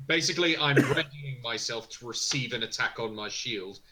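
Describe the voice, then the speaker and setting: A man's voice: medium pitch, normal speed, over a noisy crowd, low-quality recording. A man playing a tabletop role-playing game in casual chat. He talks hesitantly, stammers and mocks himself. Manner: hesitant, stammering, self-mocking. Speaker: player.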